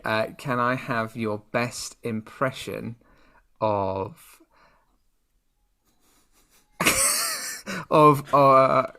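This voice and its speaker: A young British man co-hosting a podcast, chatting in playful, excitable banter with a friend. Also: mid-range voice, smooth. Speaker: podcast co-host. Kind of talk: casual chat.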